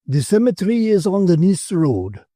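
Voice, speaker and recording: A man voicing a quiet, reserved older count who speaks curtly and impatiently. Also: sits high, sing-song, normal speed, dry recording, clean studio sound, pitched above the performer's own voice. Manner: curt, impatient.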